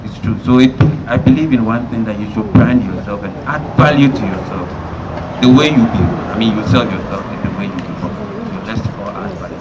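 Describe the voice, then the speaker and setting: A man's voice: on the low side, fairly quick. A man speaking on a seminar panel, plainspoken and telling an anecdote. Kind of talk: seminar talk. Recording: dull sound, loud background noise.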